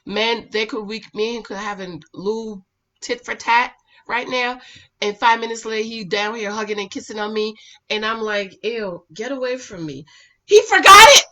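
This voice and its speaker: Sassy bright-voiced woman recapping TV. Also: a little high, normal speed, dull audio. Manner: sassy, scolds the people on screen; animated, switches between loud and quiet asides. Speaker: reality TV reviewer. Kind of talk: casual recap commentary.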